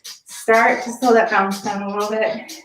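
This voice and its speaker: A woman's voice: medium pitch, flat delivery, a little slow, far from the mic, background noise. A woman fitness instructor leading a home workout, upbeat and encouraging, counting reps while slightly out of breath. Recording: echoey room, voice from off-mic. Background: background music.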